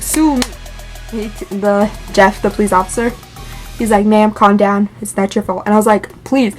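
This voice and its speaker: A young woman vlogger casually telling a dramatic story, animated and filled with "like" and swearing. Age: young adult. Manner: animated, lots of "like", swears, rises in pitch when excited.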